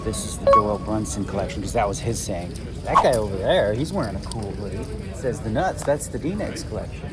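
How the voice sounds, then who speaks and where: A man's voice: lowish voice, fairly quick, loud music behind the voice, low-quality recording. A man chatting casually to his viewers in an upbeat vlog while playing poker. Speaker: poker player and vlogger. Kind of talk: casual vlog chat to camera.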